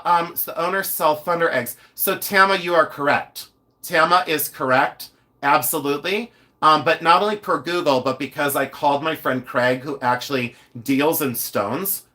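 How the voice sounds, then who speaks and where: A middle-aged man hosting a live stream, chatting to viewers and showing off jewelry in an animated, rambling way with many asides. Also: on the high side, moderate pace.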